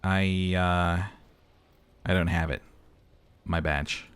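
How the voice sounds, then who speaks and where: Amnesiac detective , man voicing, low, flustered, halting. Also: steady tone, a bit bright, clean tone, dry recording, exaggerated voice.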